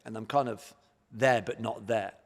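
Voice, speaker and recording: A man in his forties with an English accent, a guest on a podcast, telling his own life story in animated bursts and acting out his past thoughts. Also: lowish voice, moderate pace, in a large hall. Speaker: guest, martial arts champion.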